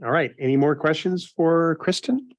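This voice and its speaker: Brisk man chairing a meeting. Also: fairly high pitch, animated, no room sound. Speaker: committee chair.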